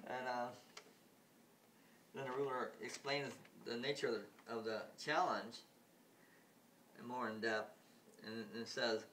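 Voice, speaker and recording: A man recounts a TV episode in a rambling, halting way, full of fillers and restarts. He sounds a touch distant from his phone mic, with faint ambience around him. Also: mid-range voice, steady tone, fairly bright tone, a little hiss or hum. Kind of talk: casual retelling of a TV episode.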